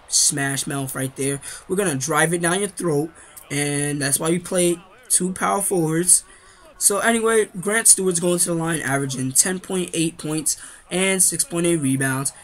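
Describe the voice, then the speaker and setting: A man's voice: fairly high pitch, fairly bright tone. A teenage boy with a nasal, congested voice, chatting casually over his basketball game footage as a gaming YouTuber. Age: teens. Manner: chatty, rambling, talks straight to viewers. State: congested from sinus trouble.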